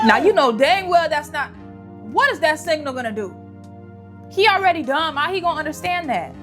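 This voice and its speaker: A woman comments on a game as she plays, joking and talking back at the screen. Her voice is high and swings widely in pitch. Faint music plays behind her. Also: sing-song, brisk, a bit bright. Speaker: gaming content creator. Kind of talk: gameplay commentary.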